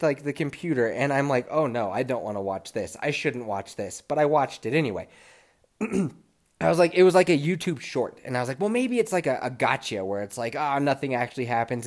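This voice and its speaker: A man hosting a podcast, telling a dream story in casual, profane monologue, laughing often and still getting over a cold. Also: on the high side. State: lingering cold. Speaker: podcast host.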